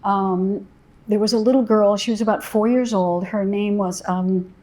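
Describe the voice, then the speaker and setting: A woman parent educator telling a story to parents in a gentle, soothing way, with soft pauses. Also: mid-range voice, fairly even intonation.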